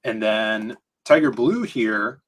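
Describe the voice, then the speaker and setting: A man co-hosting a casual talk stream, rambling as he flips through comics, his voice slightly hoarse. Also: on the low side, takes it slowly. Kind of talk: casual chat.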